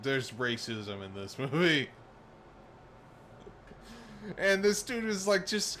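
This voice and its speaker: A man's voice: a little high, slight background noise. A man streaming live, ranting and swearing with lots of restarts and laughter. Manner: animated, swears often, laughs mid-sentence; restarts and repeats words as he rants. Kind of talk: profane ranting commentary.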